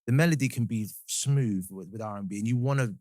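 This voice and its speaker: A man with a Southampton English accent talks quickly and with animation in a relaxed podcast chat. He acts out other people's lines as he tells stories and often repeats words while finding his thought. The sound is close and dry. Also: mid-range voice, no echo. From England. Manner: animated storyteller, acts out quotes, repeats words when starting. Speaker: guest singer.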